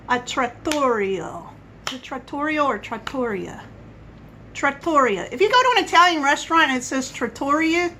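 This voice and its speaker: A woman vlogger chatting casually at home, wandering from one tangent to the next. Her voice sits a little high and very bright, with a faint hiss of background noise. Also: low-quality recording. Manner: rambling, chatty, goes off on tangents. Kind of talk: casual coffee-chat monologue.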